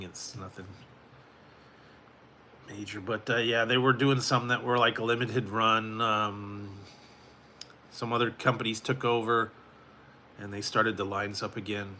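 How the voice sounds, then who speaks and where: A man's voice: fairly low pitch, fairly even intonation, normal speed, sharp tone, slight background noise. A man hosting a late-night food review live stream, rambling casually and chuckling as he talks to chat viewers.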